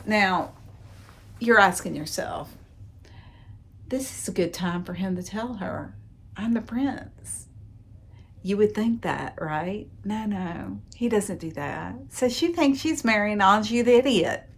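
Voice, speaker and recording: Woman, book host, slow-paced, sarcastic, dry asides, mid-pitched, emphatic recap. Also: expressive, vocal fry. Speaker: book reviewer and podcast host.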